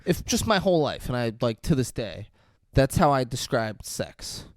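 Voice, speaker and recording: A man with a mid-range voice, a podcast co-host riffing in casual chat. He tells stories in a lively, swearing way, and the sound is dry and close. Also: mid-range voice, normal speed, no room sound. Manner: animated, profane storytelling.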